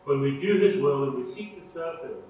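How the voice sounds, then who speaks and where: A man's voice: medium pitch, lively intonation, brisk, highs cut off. Echoey, distant male preacher. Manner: earnest, dramatic shifts between loud emphasis and hushed prayer. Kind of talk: sermon. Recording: echoey room, mic far off, faint hum.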